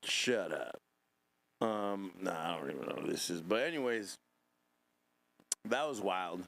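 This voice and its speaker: A man's voice: deep voice, lively intonation, unhurried, vocal fry, a bit bright. A man hosting a podcast, reacting to clips in casual commentary, laughing often and swearing.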